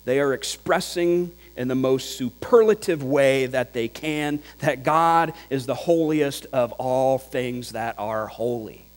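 A man's voice: medium pitch, takes it slowly, few pauses. A man preaching a sermon, teaching in an explanatory way, with examples and repetition for emphasis. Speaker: pastor. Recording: hall reverb with mains hum.

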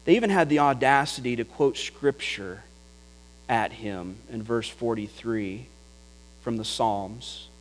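A man preaching a sermon as pastor, deliberate and emphatic, building his points through repeated phrases. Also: mid-range voice. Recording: long hall reverb.

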